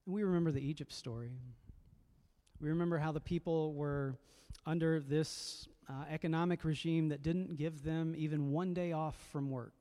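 Man, pastor, conversational sermon, reflective, mellow tone, slightly high voice. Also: fairly even intonation, normal speed. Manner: conversational, reflective preaching with repeated words.

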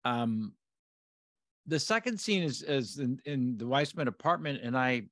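A man hosting a podcast, talking through an episode in a measured, analytical way, often restarting his sentences. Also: medium pitch, animated, fairly bright tone, no room sound, clean studio sound. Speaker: podcast host. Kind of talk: episode discussion.

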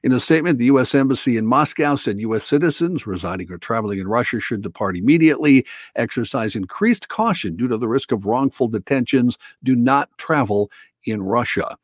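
A man's voice: mid-range voice, expressive, fairly quick, no echo, clean studio sound. Man reading the news on a talk show. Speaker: radio host reading news.

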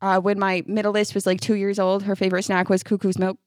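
A chatty woman in her thirties from upstate New York holds up her end of a podcast, complaining with a grin and breaking into laughs often. Her voice sits at an ordinary middle pitch. The sound is close and completely dry. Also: monotone, fairly quick, darkish tone, no echo. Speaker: podcast co-host. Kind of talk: casual chat.

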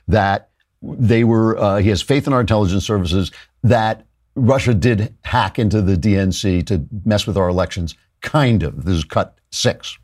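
A male talk show host giving political commentary in a conversational, animated way, often chuckling as he talks. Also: on the low side, moderate pace.

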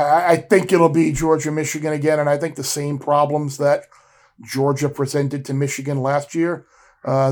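A man with a mellow, warm voice co-hosts a casual sports podcast. He rambles in a relaxed way, restarting his sentences as he goes. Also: on the high side. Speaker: podcast co-host.

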